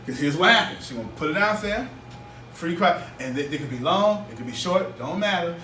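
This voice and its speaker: A man teaching a live seminar as a business coach, energetic and colloquial, drawing call-and-response from his audience. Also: high-pitched, a little fast. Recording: echoey room, mic far off, faint hiss.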